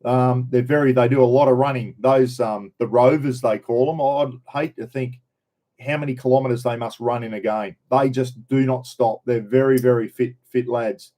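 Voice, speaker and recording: A middle-aged man from Queensland with a broad Australian accent, hosting a laid-back livestream. He rambles from one thought to the next and greets his viewers by name. His voice sits at an ordinary, middle pitch. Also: steady tone, normal speed, dark tone. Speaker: livestream host. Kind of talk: casual livestream chat.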